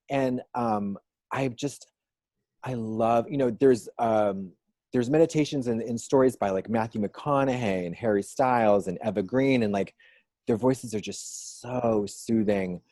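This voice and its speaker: A man's voice: medium pitch, normal speed, mellow, dry recording. A man in a casual interview, rambling with lots of fillers and restarts and making dry jokes. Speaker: drag performer and musician, guest.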